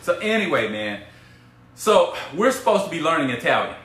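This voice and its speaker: A man's voice: on the high side, sing-song, normal speed, fairly bright tone, a little hiss or hum. A man coaching on a casual live stream, playful and teasing as he talks to viewers. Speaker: business coach. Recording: echoey room with faint ambience.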